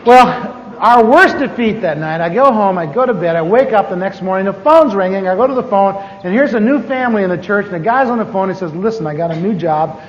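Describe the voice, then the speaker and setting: A man teaching a class as a pastor, telling humorous stories from his own life in an animated, joking way and acting out his old prayers. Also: high voice, brisk, hardly any pauses, muffled recording. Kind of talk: humorous storytelling lecture. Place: large church conference hall. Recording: live hall recording with long reverb and faint hiss.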